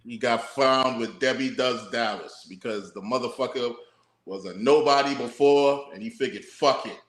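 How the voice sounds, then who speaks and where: A man's voice: mid-range voice, moderate pace. A man co-hosting a casual talk show, laying out his views in a laid-back, profane way. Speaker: podcast co-host. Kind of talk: casual chat. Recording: roomy echo.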